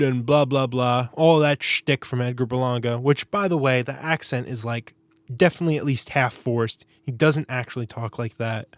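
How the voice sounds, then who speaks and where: A man's voice: fairly high pitch, no echo. A man hosting a show, casually giving opinionated, wry and sarcastic predictions. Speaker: boxing podcast host.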